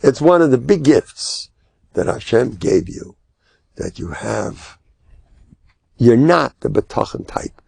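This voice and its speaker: An older rabbi teaches in a gravelly voice that swings widely up and down. He jokes at his own expense and breaks into loud bursts for emphasis. The sound is close and dry, with no room around it. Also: mid-range voice, sing-song, takes it slowly, long pauses, dry recording. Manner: joking, self-deprecating, with sudden loud emphatic outbursts. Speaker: rabbi giving a lecture. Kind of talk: humorous Torah lecture.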